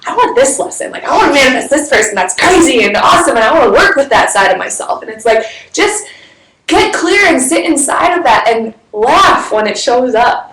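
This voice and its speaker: A woman's voice: high voice, animated, fairly quick, a bit bright, echoey room, poor audio. A woman from Chicago who runs a wellness business, telling a story in casual livestream talk, bubbly and laughing often, with lots of "like".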